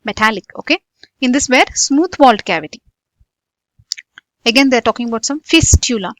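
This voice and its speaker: This woman's voice sits fairly high, with lively intonation, normal speed, a bit of brightness and no room sound. Speaking in Indian English, she tutors a medical exam class, going over key points again and again and quizzing the students, peppering it with "okay" and "guys."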